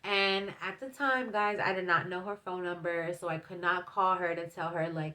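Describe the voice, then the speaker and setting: A woman vlogger tells a storytime in a chatty, rambling way, filling it with fillers and asides to her viewers. Her voice sits slightly low. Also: steady tone, moderate pace, hardly any pauses, bright, forceful tone. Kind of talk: casual storytime.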